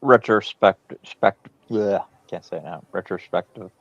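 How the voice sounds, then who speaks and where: A man's voice: deep voice, a little slow, dry recording. A laid-back man chatting on a live stream, speaking plainly and giving folksy advice. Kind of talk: casual live-stream chat. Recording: dull, lo-fi audio.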